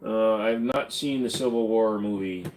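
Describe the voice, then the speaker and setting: A man's voice: on the low side, normal speed, darkish tone, slight background noise, rough recording. A man from Minnesota hosting a casual livestream, answering chat questions in an offhand, joking way. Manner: joking, offhand, drifts into silly accents.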